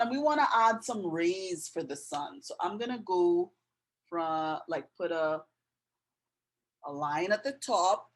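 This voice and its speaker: Slow, patient woman teaching a drawing lesson. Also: fairly low pitch, rough recording. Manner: patient, checks in with "okay?" often. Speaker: art and language tutor. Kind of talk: step-by-step drawing and writing lesson.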